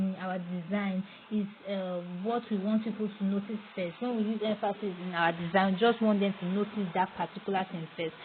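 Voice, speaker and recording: A woman teaching graphic design, explaining step by step as she works on screen. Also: mid-range voice. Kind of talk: screen-recorded tutorial. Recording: tinny, phone-like audio with faint noise.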